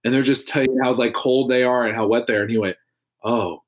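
A man talks as a guest on a podcast, easygoing and chatty. He leans on fillers and trails off mid-thought, laughing along. His pitch is ordinary and middle. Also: steady tone, rapid-fire. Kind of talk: casual chat.

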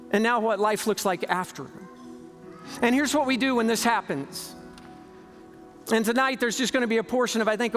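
High-voiced pastor telling a dramatic story. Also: male voice, fairly bright tone. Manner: dramatic storytelling, shifting between slow emphasis and quick bursts. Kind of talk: sermon.

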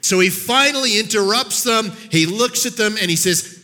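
A man giving a sermon as a guest speaker, telling a Bible story in an animated way, acting out the characters' voices and often repeating words as he goes. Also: sits high, moderate pace, long reverb tail, soft background music.

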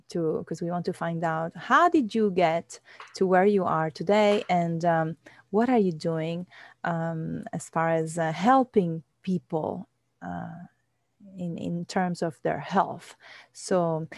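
Slow Italian-accented woman host. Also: lowish voice, darkish tone, no room sound. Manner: hesitant, with many fillers. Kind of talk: interview.

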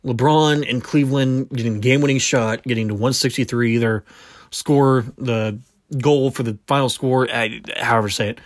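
A man's voice: medium pitch, steady tone, normal speed, dry recording, clean studio sound. Rambling man hosting a sports podcast. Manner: rambling, goes off on tangents and catches himself; blunt, opinionated. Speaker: podcast host. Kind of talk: casual solo sports talk.

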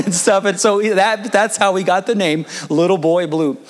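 A man's voice: high voice, fairly quick, few pauses, in a large hall. A young man in his twenties, a pastor telling a personal story in a casual, rambling sermon with frequent restarts.

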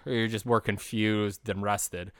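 Chatty man in his late twenties, smooth voice. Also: fairly low pitch, slow pace, dry recording, studio quality. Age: late 20s. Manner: chatty, animated storyteller. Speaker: podcast host. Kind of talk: casual recap of a holiday special.

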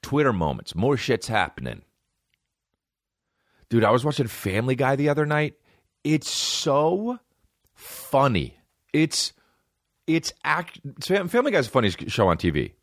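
Unhurried and pausing often, this man in his thirties speaks at medium pitch with wildly swooping intonation. On his casual solo comedy podcast he rambles, swears and imitates others, heard in clean, echo-free studio sound from a small indoor room with a creaky chair.

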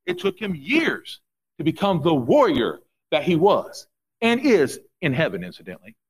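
A middle-aged pastor preaching a fervent sermon, repeating phrases and breaking into quick asides. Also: male voice, fairly high pitch, huge pitch swings, slightly rough. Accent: Midwestern US.

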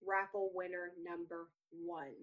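A woman's voice: lowish voice, little pitch movement, measured pace. A woman hosting a ministry show who prays fervently, calling out "oh God" again and again, then talks casually. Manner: fervent, repeats "oh God" while praying. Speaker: ministry host. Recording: dull lo-fi sound.

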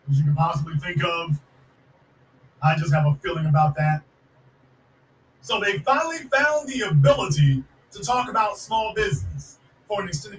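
Fired-up high-voiced man in echoey room. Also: a bit bright, distant mic, a little hiss or hum. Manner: fiery, sarcastic, repeats points for emphasis. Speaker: podcast host. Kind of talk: political commentary monologue.

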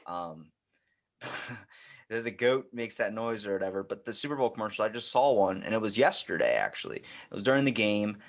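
Animated, profane man hosting a podcast. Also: lowish voice, normal speed. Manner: animated, profane, bursts into acted quotes and screams. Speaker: podcast host. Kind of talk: casual chat.

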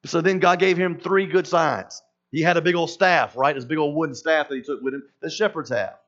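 Male pastor, high voice, animated sermon with acted-out voices; lo-fi, dull recording. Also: brisk. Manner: animated, acts out voices of Moses and God. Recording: dull lo-fi sound.

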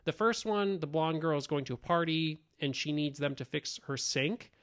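A man co-hosting a podcast in a casual chat about an old show. He fires off animated, quick questions. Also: on the high side. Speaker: podcast co-host.

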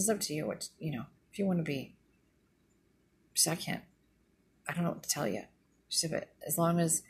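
A woman's voice: deep voice, creaky, breathy edge. A middle-aged woman, a former nurse, venting indignantly in a casual monologue and retelling conversations. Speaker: retired nurse vlogger.

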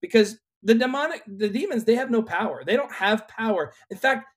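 Earnest worship leader, man, slightly high voice. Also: brisk. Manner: earnest, animated testimony. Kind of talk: conversational storytelling on a podcast.

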